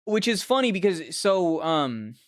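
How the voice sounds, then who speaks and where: A man's voice: sits high, sing-song, unhurried, no room sound, studio quality. A young man who speaks English natively, casually talking over a fighting game as a streamer, rambling and swearing freely. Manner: profane, rambling, chatty. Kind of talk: casual gameplay commentary.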